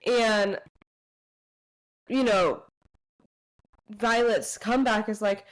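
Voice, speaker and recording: A young woman co-hosts a book podcast in a mid-range voice. She retells the chapters in an easygoing way, acting out the characters' lines. Her delivery is relaxed and conversational. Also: medium pitch, takes it slowly, long pauses, low-quality recording. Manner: retells scenes by quoting characters, frequent "you know". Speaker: podcast co-host. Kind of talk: casual book discussion.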